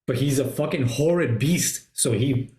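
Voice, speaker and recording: A man hosting a casual movie review chat, retelling scenes excitedly and swearing a lot. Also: medium pitch, measured pace. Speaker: podcast host. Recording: roomy echo.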